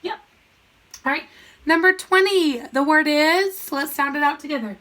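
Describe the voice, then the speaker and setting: A woman with a bright, fairly high voice teaches a phonics lesson to young children. She sounds out words slowly and patiently, thinking aloud as she writes on the board. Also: rough recording. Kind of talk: recorded classroom lesson.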